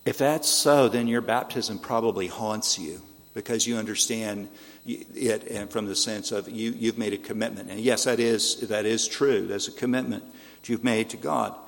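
A man's voice: fairly low pitch, fairly even intonation, normal speed, vocal fry, in a large hall. A man preaching a sermon in an earnest, pleading way, asking the listeners rhetorical questions. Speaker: pastor.

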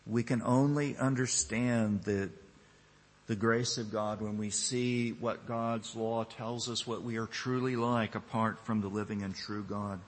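A man's voice: fairly low pitch, steady tone, unhurried, slight background noise. A man preaching a sermon to his congregation and closing in prayer, speaking earnestly and building up emphasis. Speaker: pastor. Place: church. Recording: long reverb of a church hall.

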